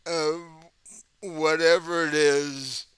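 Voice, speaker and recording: This is a man running a tabletop game, slightly higher-pitched than most men. His voice is bright and crisp. He lays out the scene with slow, patient explanations. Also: level tone, no room sound. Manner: slow, explanatory, chuckles often. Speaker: game master.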